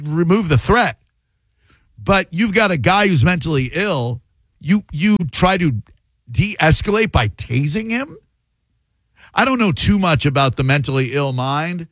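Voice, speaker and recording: A man's voice: on the high side, dry recording, rough recording. A man hosting a call-in radio talk show, taking callers and arguing his points emphatically. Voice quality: animated, emphatic, quick banter.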